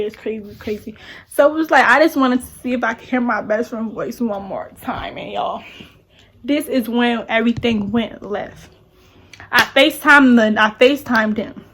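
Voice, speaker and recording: A young woman rambles through a casual storytime, emotional and often repeating herself. Her voice sits a little higher than most. She talks close to the camera mic. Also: measured pace, a bit bright. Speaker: vlogger.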